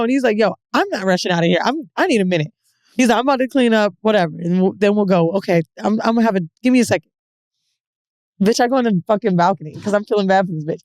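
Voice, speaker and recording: Brief: thirties woman podcast co-host, lively swinging pitch, dry close sound, brash storyteller. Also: fast talker, no room sound. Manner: animated, acts out quotes, swears freely. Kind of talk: casual storytelling chat.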